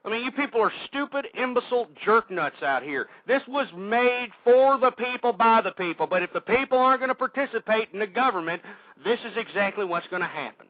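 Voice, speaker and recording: Angry high-voiced man ranting on radio. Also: expressive, quick pace, dry recording, phone-quality sound. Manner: shouting, insulting, exasperated. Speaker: radio host. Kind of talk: angry political rant.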